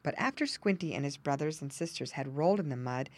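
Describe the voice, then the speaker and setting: A woman narrating a children's storybook, with gentle asides explaining things to young listeners. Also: low-pitched, expressive, fast talker. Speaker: audiobook narrator.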